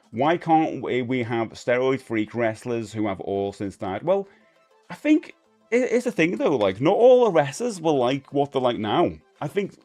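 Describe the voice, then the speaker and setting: His pitch sits in the middle range, with a slightly mellow quality. He's a Cockney-accented Londoner in his forties running a live stream, loosely chatting and responding to viewer comments amid frequent fillers and restarts.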